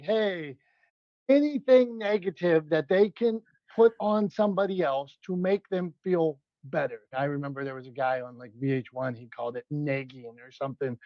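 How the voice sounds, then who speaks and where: A man co-hosting a podcast in casual banter, leading the segments in a brisk, upbeat way. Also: a little high, vocal fry, dry recording. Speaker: podcast co-host. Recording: dry, dull lo-fi sound.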